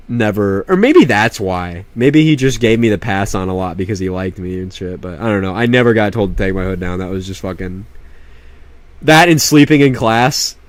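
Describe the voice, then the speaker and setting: A young man telling a rambling, profane story in a casual, animated way, with many restarts. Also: mid-range voice, dry recording. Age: young adult. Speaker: vlogger.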